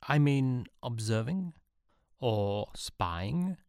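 A man's voice: medium pitch, big pitch swings, drawn-out words, a little mellow, clean tone, dry recording, studio quality, voice pushed up, heavily acted. A man voicing a nervous young male soldier who stammers and hesitates.

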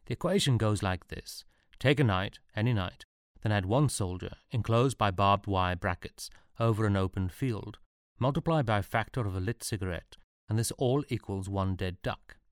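Here an eccentric Prussian artillery officer, played by a man, delivers a lecture briskly and without expression. The voice sits fairly low, close to an everyday speaking voice, and the recording is dry with no room around it. It would suit a storybook reading.

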